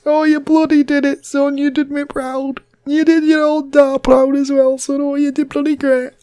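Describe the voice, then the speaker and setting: A man voicing an elderly father loudly gushing with pride over his son. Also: very high-pitched, little pitch movement, normal speed, voice pushed up. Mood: proud. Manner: loud, gushing praise. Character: proud elderly dad cheering his grown son.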